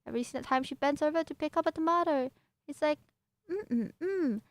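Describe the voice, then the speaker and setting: A woman's voice: sits high, quick pace, no echo. A woman livestreaming, chatting in a playful, rambling and silly way between reading passages from her home PC setup. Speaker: VTuber streamer.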